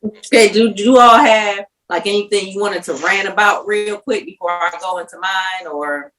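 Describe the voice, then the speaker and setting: A woman's voice: medium pitch, moderate pace, fairly bright tone, low-quality recording. A woman co-hosting a podcast who keeps the chat going with prompts and short replies. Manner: encouraging, lots of back-channel replies. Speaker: podcast co-host.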